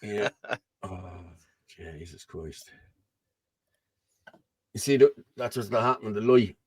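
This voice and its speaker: A man's voice: fairly low pitch, slow pace, darkish tone, breathy edge, no room sound. A man with an Irish accent hosting a casual chat over a video call, rambling and often asking "you know what I mean". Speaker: host.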